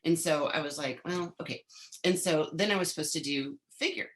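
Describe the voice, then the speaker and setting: A woman's voice: sits low, a little fast. A woman in her fifties, a guest on an interview podcast, telling a long story in a chatty way and often replaying what she said back then. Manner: chatty, replays her own past lines in quotes. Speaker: interview guest, former bodybuilder.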